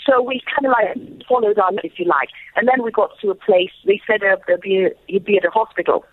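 A woman guest telling a story in an animated way, often repeating words, over a tinny phone line. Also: mid-range voice, a little fast, breathy edge. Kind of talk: lively storytelling on a call.

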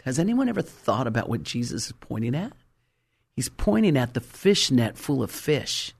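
A man's voice: mid-range voice, very animated, normal speed, gravelly, husky. A male preacher delivering a fervent, story-driven sermon with rhyming emphasis.

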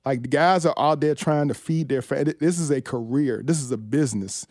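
A man who played linebacker, a guest on sports talk radio, talking in halting bursts with many restarts and fillers. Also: mid-range voice, a little mellow, dry recording, clean studio sound. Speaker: former NFL linebacker, guest.

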